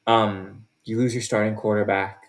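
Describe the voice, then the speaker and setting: A sports video host with a lowish voice talks through his football predictions at a moderate pace and with a flat delivery. He's chatty and casual, with many fillers and restarts.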